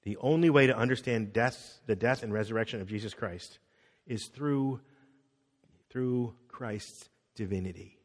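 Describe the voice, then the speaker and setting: A middle-aged man, a pastor, preaching a conversational sermon, acting out quotes and dropping soft on key words. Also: medium pitch, normal speed. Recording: long reverb of a hall.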